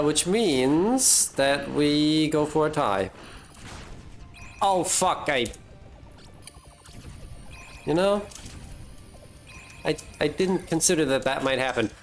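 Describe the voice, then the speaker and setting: A young adult streamer giving live gameplay commentary, thinking aloud, swearing and mocking their own mistakes. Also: medium pitch.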